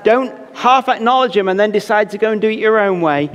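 A man's voice: sits high, a little fast, muffled recording. A man preaching a sermon as pastor, earnestly urging the congregation. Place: church. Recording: reverberant church with music behind.

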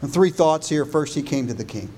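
A man preaching a sermon as pastor, building on repeated phrases and dropping low and soft for emphasis. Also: lively intonation, fairly quick, a little hiss or hum.

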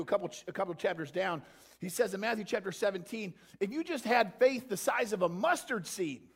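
Lively male pastor, high gravelly voice, animated sermon delivery. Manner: animated, acts out the disciples in playful voices.

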